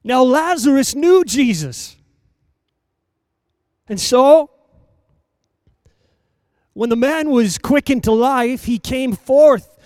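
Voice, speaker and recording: A man preaching a sermon in a rhythmic, repetitive cadence, swinging between hushed lines and loud emphatic calls. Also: extremely high pitch, animated, slow, long pauses, no room sound, clean studio sound.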